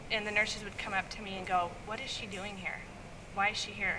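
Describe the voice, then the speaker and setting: A woman tells a story in an animated way, acting out the people in it as she goes. She is a nurse being interviewed for a documentary. The mic sits some way off, with steady noise behind her. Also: mid-range voice, quick pace, distant mic.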